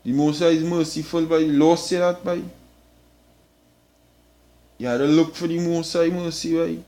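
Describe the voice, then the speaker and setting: A man's voice: on the high side, fairly even intonation, moderate pace, dark tone. A man with a Trinidadian accent preaching an informal sermon, emphatic and blunt, tagging his lines with "boy" and swearing for emphasis.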